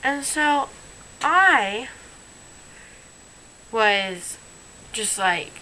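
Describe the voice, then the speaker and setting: A woman's voice: medium pitch, moderate pace, long pauses, bright, forceful tone, low-quality recording. A young woman telling a story about a falling-out with her best friend in a personal vlog, earnest and rambling, sounding hurt. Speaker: vlogger.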